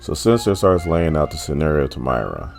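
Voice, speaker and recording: A man's voice: rumbling low, big pitch swings, brisk, vocal fry, a little mellow, soft background music. A man casually retelling a comic book's story, with joking asides to viewers. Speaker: comic book recap host. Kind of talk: casual comic recap narration.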